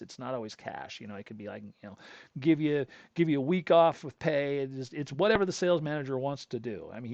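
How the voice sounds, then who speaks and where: A man's voice: mid-range voice, gravelly, a little mellow, no room sound. A man in his late forties, hosting a channel, tells a rambling, conversational story straight to his viewers and often corrects himself as he goes. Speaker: channel host. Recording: dull lo-fi sound.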